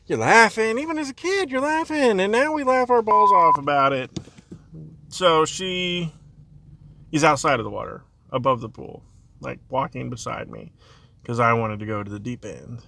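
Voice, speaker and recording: A man's voice: a little high, normal speed, vocal fry, sharp tone, slight background noise. A man telling a funny childhood story in a casual, rambling way, laughing often and drifting off on tangents. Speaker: dad telling a family story.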